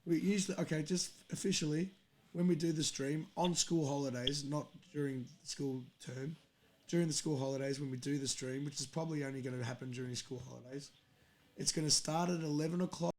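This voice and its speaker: A young man hosting a livestream, talking in a rambling, sweary, excitable way. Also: on the high side, a little fast. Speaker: livestream host. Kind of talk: casual livestream chat.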